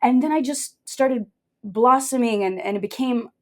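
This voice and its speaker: A young adult woman from Brazil, a podcast guest telling her story in a candid, jokey, animated way. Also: a little high, moderate pace. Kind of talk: casual interview storytelling.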